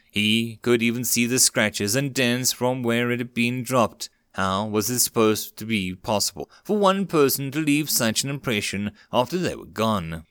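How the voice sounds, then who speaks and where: A man's voice: lowish voice, fairly bright tone, clean tone, no echo. Man reading a dramatic story, dry sound. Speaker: narrator. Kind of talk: scripted story narration.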